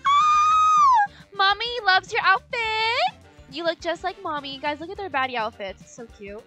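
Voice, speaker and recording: A young woman giving casual let's-play commentary, high-pitched and swooping all over her range. Her tone is bright and crisp, and she is playful and dramatic. Faint game music plays underneath. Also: very animated, a little fast. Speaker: gaming channel host.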